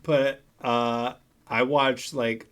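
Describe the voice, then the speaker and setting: A man's voice: mid-range voice, level tone, extremely slow, clear, resonant tone. A man co-hosting a podcast in casual chat, hesitant and full of filler sounds. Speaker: podcast co-host.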